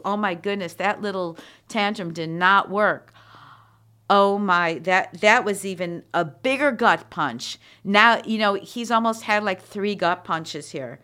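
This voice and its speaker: A woman giving a chatty, animated Bible teaching, reading verses and adding asides. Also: fairly low pitch, unhurried, smooth.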